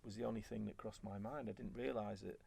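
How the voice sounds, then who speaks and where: Low, gravelly male guest who tells animated stories in chat. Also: fast. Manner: animated, acts out quoted remarks. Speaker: former footballer guest. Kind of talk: conversational storytelling.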